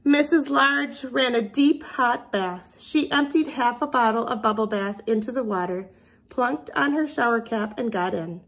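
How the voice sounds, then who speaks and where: A woman teacher reading a picture book aloud to young children in an expressive storybook manner. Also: on the high side, measured pace.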